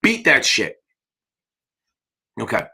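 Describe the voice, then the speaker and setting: A man's voice: slow pace, sharp tone. A man hosting a live exam-prep Q&A stream, talking in a rambling, profane, cheerleading way. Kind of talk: livestream Q&A chat.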